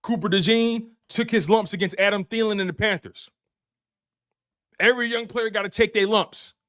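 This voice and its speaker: Speaking at a normal speed, this man has a high voice with a steady, fairly bright tone. He hosts a hyped live-stream sports recap with super chats, talking straight to his chat and repeating phrases to emphasize them.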